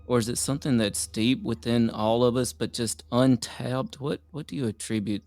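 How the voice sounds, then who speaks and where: A man's voice: medium pitch, steady tone, normal speed, a little mellow, no echo. A man hosting a podcast, introducing his guest and asking long, winding questions. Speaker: podcast host. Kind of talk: interview questions.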